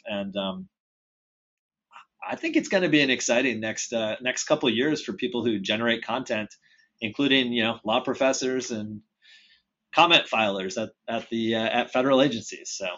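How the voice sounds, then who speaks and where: A husky man musing in a casual chat. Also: mid-range voice, fairly bright tone, lo-fi sound. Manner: thoughtful, with many fillers and restarts. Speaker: podcast guest. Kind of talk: casual conversation.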